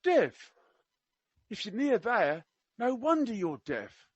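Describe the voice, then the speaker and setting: A man putting on a blunt, tactless elderly gentleman with an attempted Cockney accent, his pitch pushed up for the quips. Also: sing-song, slow pace, breathy edge, no room sound, muffled recording, full character voice. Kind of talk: comic impression in a podcast reading.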